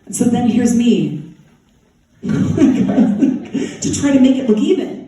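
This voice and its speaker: A chatty woman and former talk show host tells anecdotes at a festival Q&A, dropping "like" often. Her voice is mellow and soft-edged. It reaches a distant mic and echoes heavily around a large hall. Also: on the high side, big pitch swings, takes it slowly. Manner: chatty, laughing anecdotes, many likes. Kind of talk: festival Q&A storytelling.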